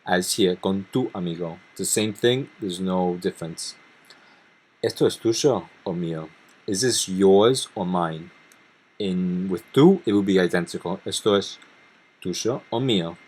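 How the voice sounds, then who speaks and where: A man's voice: low-pitched, measured pace, a little mellow, husky. A man teaching a language lesson, explaining grammar step by step and reading example sentences aloud. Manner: methodical, reads Spanish examples aloud between English explanations. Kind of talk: explaining grammar over slides.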